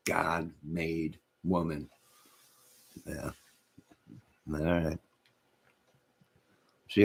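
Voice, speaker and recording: A man's voice: low voice, vocal fry, slightly rough. A man hosting a live stream, rambling in casual chat with his viewers, often repeating himself and addressing them by name.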